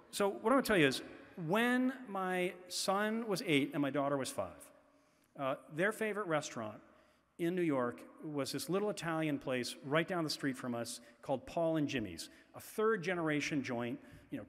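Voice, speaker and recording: Lively storytelling man in a big hall. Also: a little high. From Boston area, USA. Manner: chatty storyteller, lots of "you know" asides. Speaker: author giving a festival talk. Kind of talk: anecdotal public talk. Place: large festival venue. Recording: long hall reverb in a big venue.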